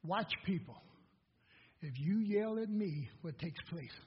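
A pastor delivering a sermon in a strikingly high, husky voice. He pulls the congregation in with questions and repeated phrases, and his voice carries through a big echoing hall. The lo-fi recording softens the top end. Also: animated, takes it slowly. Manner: preaching with call-and-response questions, swinging from hushed to loud. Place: church sanctuary. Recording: dull lo-fi recording in a reverberant hall.

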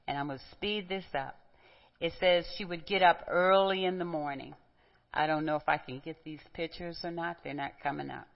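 A woman's voice: deep voice, fairly even intonation, moderate pace, creaky. A middle-aged woman teaching a group, conversational, telling personal stories and asking rhetorical questions. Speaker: women's Bible teacher. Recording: dull, reverberant hall recording.

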